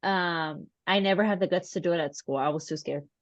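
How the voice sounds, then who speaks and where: A woman's voice: on the low side, fairly quick, no room sound, highs cut off. A woman podcast co-host telling a family story in casual chat, acting out the voices of the people in it. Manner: animated, acts out quoted voices.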